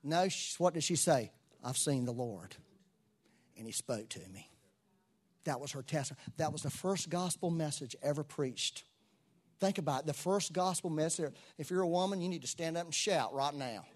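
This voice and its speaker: A man preaching a sermon to a church congregation, moving between soft asides and loud exclamations. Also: fairly high pitch, a little fast. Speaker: pastor.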